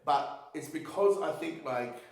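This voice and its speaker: A young man rambles through his stories, swears often and keeps restarting mid-sentence. His voice sits fairly high for a man. The recording has a roomy echo around him. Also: expressive, measured pace, darkish tone. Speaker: interviewee. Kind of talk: casual street interview.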